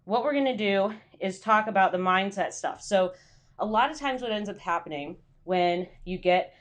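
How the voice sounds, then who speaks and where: A woman's voice: mid-range voice, moderate pace. A woman hosting a casual live stream for freelance writers, chatty and full of fillers, greeting viewers by name and acting out her inner voice.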